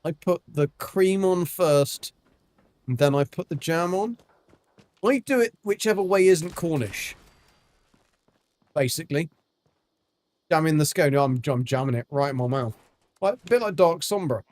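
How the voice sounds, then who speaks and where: A man's voice: a little high, lively intonation, unhurried, pauses often, a little mellow. A man from Devon, chatting casually on a game livestream, rambling with lots of ums. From England, Devon. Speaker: game streamer. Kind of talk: casual livestream chat while gaming.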